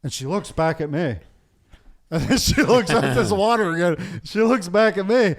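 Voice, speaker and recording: Laughing and cursing frequently, a Pennsylvania man hosts a podcast and tells a story in casual chat. His voice is high-pitched and expressive, with a moderate pace.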